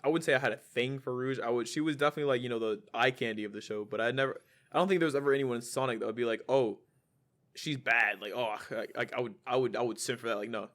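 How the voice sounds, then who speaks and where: A young man co-hosts a podcast in easygoing chat, his voice at an ordinary middle pitch. He talks in a laid-back, slangy way. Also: racing, a bit bright. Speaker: podcast co-host. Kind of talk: casual chat.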